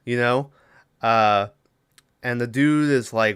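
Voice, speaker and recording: Smooth-voiced man recapping a movie. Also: medium pitch, slow, long pauses, fairly bright tone. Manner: rambling, filler-heavy retelling with quoted lines. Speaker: podcast host. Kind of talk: casual solo movie recap.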